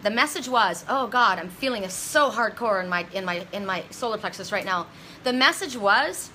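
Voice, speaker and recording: A woman's voice: medium pitch, expressive, normal speed, bright, forceful tone, slight background noise. A woman psychic medium talking to her viewers in an intense, rambling monologue, with many restarts and dramatic retelling. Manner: dramatic retelling with voiced quotes.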